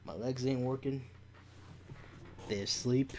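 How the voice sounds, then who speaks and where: A man's voice: medium pitch, steady tone, slow pace, darkish tone, a little hiss or hum. Playful young man, casual streamer chat. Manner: playful, drawling, clowning.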